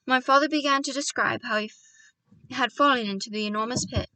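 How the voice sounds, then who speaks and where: Bright-voiced woman reading a children's book. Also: fairly high pitch, brisk, no echo, recorded from a distance. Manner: casual asides to viewers mid-reading. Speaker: audiobook reader. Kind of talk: reading a children's novel aloud.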